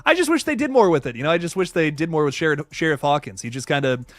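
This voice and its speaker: A man chats through a livestream and reads viewer comments, rambling with plenty of restarts and laughs. His pitch is a bit high and swings widely as he talks. The recording is dry and close, with a little music playing underneath. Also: lively intonation, quick pace, dry recording. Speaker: YouTube host reading live chat. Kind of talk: casual livestream chat.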